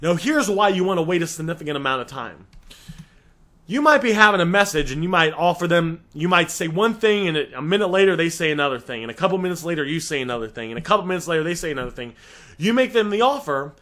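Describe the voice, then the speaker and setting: A man's voice: on the high side, animated, fast talker, a bit bright. A young man coaching listeners on a sales script, direct and emphatic, repeatedly calling them guys.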